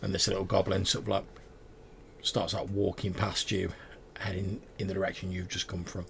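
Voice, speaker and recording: Low-voiced man running a tabletop game, gravelly, rambling, relaxed narration. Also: moderate pace, a little hiss or hum. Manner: loose, rambling descriptions. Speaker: game master.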